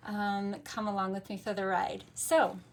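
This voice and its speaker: A woman's voice: medium pitch, level tone, measured pace. A woman hosting a tarot video, telling a story in a casual, playful and goofy way that is full of laughs.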